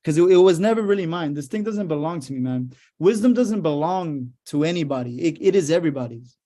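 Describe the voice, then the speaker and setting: A young man from Houston speaks in a fairly high voice with a warm, mellow tone. He talks about his life as a lawyer in a casual, profane and emphatic way, driving each point home. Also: lively intonation, brisk. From Houston, Texas. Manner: profane, emphatic, fired-up storytelling. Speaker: lawyer giving a motivational talk. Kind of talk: casual motivational talk.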